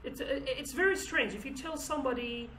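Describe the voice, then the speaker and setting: Female teacher, Kurdish accent, slightly high pitch, explains patiently with restarts; roomy recording. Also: a little fast, a bit bright. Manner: explanatory, with many restarts and fillers. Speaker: language teacher. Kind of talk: language lesson. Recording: roomy with faint background noise.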